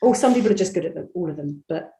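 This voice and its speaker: A woman from Bristol with a Bristol accent, an audiobook narrator chatting animatedly in an interview, telling stories with quick restarts. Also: on the low side, animated, dark tone, reverberant. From England. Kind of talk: conversational interview.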